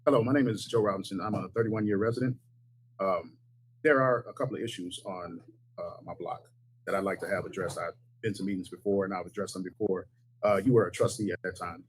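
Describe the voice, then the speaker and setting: A man's voice: low-pitched, fairly quick, slight background noise, rough recording. A man, a longtime resident, hesitantly complaining about his block during public comment at a town meeting. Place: meeting hall.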